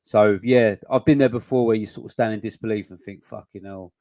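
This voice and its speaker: A man's voice: lowish voice, steady tone, quick pace, darkish tone, dry recording. A man, co-hosting a casual football podcast, blunt and sweary with rambling restarts. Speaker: podcast co-host.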